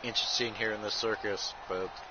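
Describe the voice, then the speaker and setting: A man calling wrestling play-by-play over a video game like a ring announcer, tacking "folks" onto almost every line and bursting into shouts at big moves. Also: lowish voice, fairly quick. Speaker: host and play-by-play commentator. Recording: muffled audio with steady background noise.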